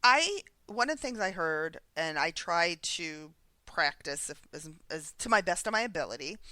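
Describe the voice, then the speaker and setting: Bright-voiced woman sharing anecdotes, dry sound. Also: low-pitched, clear, resonant tone, dry recording. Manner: thinks aloud through personal anecdotes. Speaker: podcast co-host. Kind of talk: casual recovery podcast chat.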